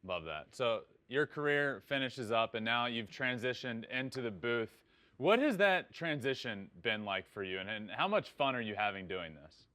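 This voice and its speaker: A man hosting a casual baseball interview show, laughing often and asking relaxed questions. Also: medium pitch, moderate pace, no echo. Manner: laughs easily, friendly questions. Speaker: podcast host.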